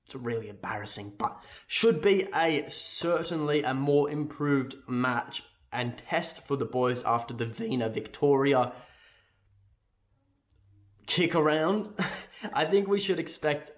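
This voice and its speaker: A man's voice: on the high side, slow pace. A young Australian man giving his casual opinions in a football fan vlog, rambling and correcting himself as he goes. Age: young adult. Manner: rambling, self-correcting, keeps asking "right?".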